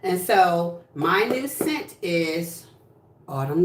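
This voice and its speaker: A woman's voice: on the low side, big pitch swings, very slow, distant mic. A woman from New Jersey chatting casually on a livestream, sassy and blunt with plenty of swearing. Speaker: livestream host. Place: home room, indoors. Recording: echoey room, voice from off-mic.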